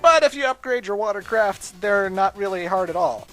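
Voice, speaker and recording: High-voiced chatty gameplay commentator man. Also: lively intonation, normal speed, pushed and bright, soft background music. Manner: chatty and upbeat, many asides to viewers. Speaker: let's play host.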